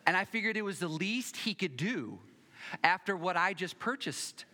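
A pastor preaching a sermon, telling humorous personal stories and building to emphatic repeated lines. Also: male voice, high-pitched, moderate pace. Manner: animated, humorous storytelling, building to emphatic repetition.

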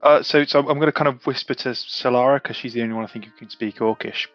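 A man's voice: mid-range voice, steady tone, fast talker, dry recording, lo-fi sound, faint music behind. A man playing a tabletop game, talking casually and often repeating words as he stammers. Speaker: player.

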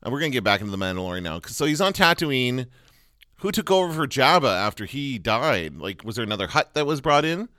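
Casual podcast co-host, man, bright and forceful tone, dry close sound, rambly delivery. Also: medium pitch, big pitch swings, quick pace, dry recording. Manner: rambling, many restarts and fillers. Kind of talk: casual chat.

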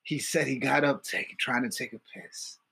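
A man's voice: medium pitch, steady tone, moderate pace, gravelly, sharp tone, husky. A man co-hosting a casual podcast, telling a crude story with lots of laughter and swearing. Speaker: podcast co-host.

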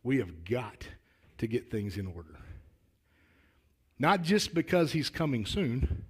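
A man preaching a sermon in a folksy, earnest way, often repeating words as he starts a thought and building to louder, emphatic declarations. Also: mid-range voice, sing-song, slow pace, slightly rough. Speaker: lay preacher.

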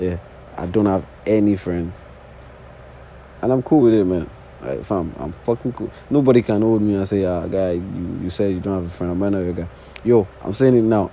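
A podcast host in his early twenties, with a low, mellow voice and a non-native English accent, sits on the floor indoors delivering a casual, rambling, unscripted solo monologue. He swears often and repeats false starts. Audio quality is poor, with a little hiss or hum.

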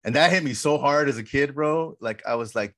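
A man co-hosting a podcast, casually retelling film scenes with lively quoted lines and frequent "bro". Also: mid-range voice, a little fast, dry recording, clean studio sound. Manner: animated storyteller, says "bro" often. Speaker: podcast co-host.

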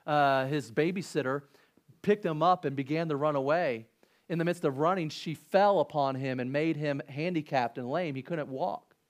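A male pastor delivering a sermon and altar call, rising to loud, high preaching peaks, then dropping to a soft, gentle invitation. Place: church auditorium.

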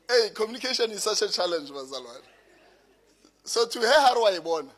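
High-voiced South African preacher, laughing storyteller. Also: male voice, brisk. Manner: lively storytelling, laughing through anecdotes. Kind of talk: sermon.

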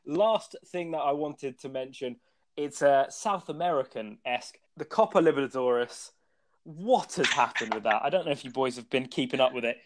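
A man of middle pitch hosts a casual football podcast. He speaks with hesitant fillers and laughs often between points. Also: animated, normal speed. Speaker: podcast host.

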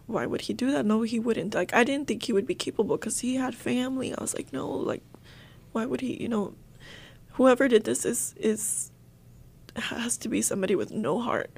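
A young woman telling a painful personal story in an interview, halting and emotional, with many fillers and restarts. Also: on the high side, vocal fry, a little mellow, husky.

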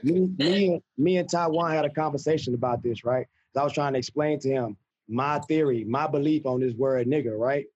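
A man's voice: mid-range voice, fairly quick, darkish tone, husky. A man hosting a podcast, talking emphatically and with plenty of profanity in casual chat. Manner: emphatic, profane, argues his point. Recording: muffled lo-fi recording.

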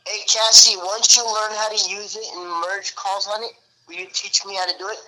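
Male radio host, rambling banter, very bright tone. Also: high-pitched, little pitch movement, a little fast, a little hiss or hum, low-quality recording. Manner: joking, rambling. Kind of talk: casual on-air banter.

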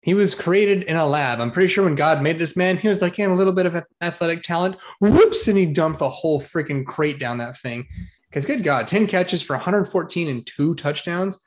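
A man co-hosting a casual football podcast, jokey and excitable, full of slang. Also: on the high side, normal speed. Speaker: podcast co-host. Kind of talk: casual sports chat.

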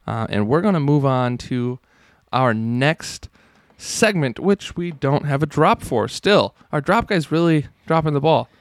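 A man's voice: a little high, unhurried, hardly any pauses, no room sound, clean studio sound. A young man co-hosting a casual comedy podcast, talking animatedly and acting out quotes. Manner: animated, acts out quoted characters. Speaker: podcast co-host.

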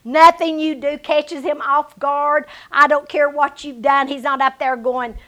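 A middle-aged woman preaching a sermon in a high, bright voice. She tells personal stories and swings between emphatic, ringing declarations and hushed, intimate asides. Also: unhurried. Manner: personal storytelling.

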